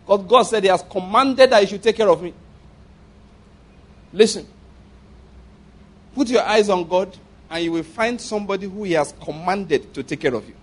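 A man's voice: high-pitched, moderate pace, pauses often. A man with a Nigerian accent preaching a sermon, telling stories and acting out the people in them. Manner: animated storytelling, acting out voices with laughter. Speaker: pastor. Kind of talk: sermon with storytelling. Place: church.

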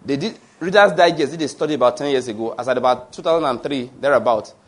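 Speaking fast in a medium-pitched voice, a male preacher delivers an emphatic, digressive sermon full of restarts and fillers. He poses questions to the congregation, then answers them himself.

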